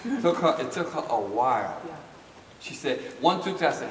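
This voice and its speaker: An older man recounts his story with lively, laughing energy, slipping into the voices of the people he quotes. He sounds distant from the mic, his voice ringing through a large hall. A steady wash of background noise sits beneath the talk. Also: medium pitch, brisk. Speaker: dance teacher telling a story. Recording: echoey hall from far off with noise.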